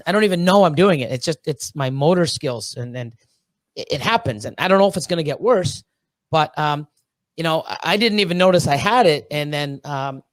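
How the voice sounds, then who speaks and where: A man from Canada in his thirties, a podcast guest in casual chat, excitable and rambling, swearing often with lots of fillers and restarts. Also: fairly high pitch, a little fast, no room sound.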